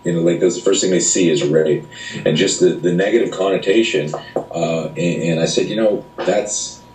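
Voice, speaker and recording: A middle-aged man, a self-defense instructor, telling stories in an interview, animated and blunt with some swearing, acting out the people he quotes. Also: low voice, normal speed. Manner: animated, profane, acts out quoted voices. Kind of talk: casual interview storytelling. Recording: roomy echo, speaker off-mic, faint noise.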